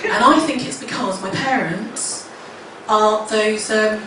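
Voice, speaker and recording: A woman's voice: mid-range voice, slow pace, recorded from a distance. A woman in her thirties doing a stand-up comedy set, rambling and self-mocking with plenty of swearing. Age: 30s. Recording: echoey room from afar, loud crowd. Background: laughing audience, noise.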